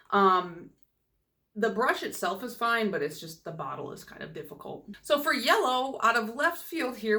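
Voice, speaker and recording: A woman's voice: mid-range voice, a bit bright. A young woman in a casual, rambling, self-deprecating chat about nail polish as a YouTuber.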